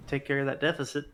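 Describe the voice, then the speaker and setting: A man co-hosting a casual podcast chat, easygoing and quick to laugh. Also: mid-range voice, a bit bright, a little hiss or hum.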